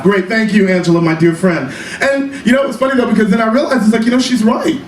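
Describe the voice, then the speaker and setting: Sassy high-voiced man doing stand-up. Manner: sassy, profane storytelling with quick asides. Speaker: stand-up comedian. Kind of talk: one-man comedy show. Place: small cabaret club stage. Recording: roomy live club recording from a distance, audience noise. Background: audience laughter.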